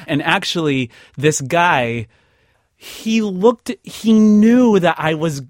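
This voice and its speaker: A man's voice: a little high, expressive, slow pace, no room sound. Stammering man telling a heartfelt story. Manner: stammers and repeats words, acts out quoted voices. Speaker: interviewee telling a personal story. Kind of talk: emotional first-person storytelling. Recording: dry close studio sound.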